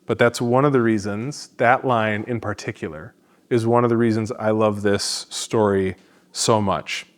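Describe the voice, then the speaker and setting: A man's voice: lowish voice, steady tone, unhurried. A man, a pastor, teaching an adult education class in a church classroom in a conversational, self-deprecating way.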